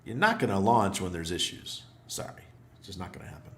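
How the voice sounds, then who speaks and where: Hoarse low-voiced man hosting a livestream. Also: very animated, fairly quick, a bit bright. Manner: chatty, laughs often, greets viewers. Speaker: livestream host. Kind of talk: casual livestream chat.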